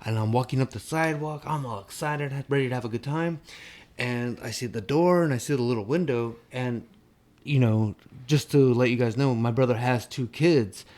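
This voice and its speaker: A young man co-hosting a podcast, telling a story in a loose, animated, profanity-laced way with lots of fillers. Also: mid-range voice. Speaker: podcast co-host. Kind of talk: casual storytelling chat.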